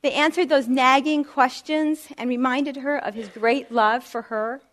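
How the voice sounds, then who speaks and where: Female storyteller, high voice, calm and gently expressive narration. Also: unhurried.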